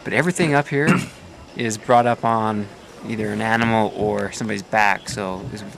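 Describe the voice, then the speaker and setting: Gravelly low-voiced man outdoors. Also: fairly even intonation, moderate pace, a bit bright, slight background noise, low-quality recording. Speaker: trekker. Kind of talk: travel vlog chat. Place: outdoors in a mountain village.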